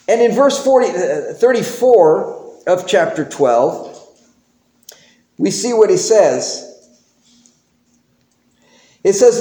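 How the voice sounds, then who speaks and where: A man preaching a sermon in a church, animated and emphatic, with homely humor. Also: high voice. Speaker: pastor. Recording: roomy echo.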